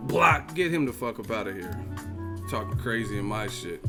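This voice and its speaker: A man's voice: on the low side, lively intonation, normal speed. Cast a male boxing stream host, heated and profane, faint music behind. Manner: profane, heated, laughing mid-sentence. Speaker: host of a boxing live chat. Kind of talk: live stream rant.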